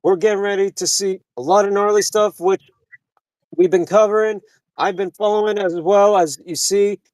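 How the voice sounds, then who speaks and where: A man's voice: high-pitched, fairly even intonation, moderate pace, darkish tone, no echo, poor audio. A man hosting a live talk radio show, delivering a heated, profane monologue full of restarts and asides.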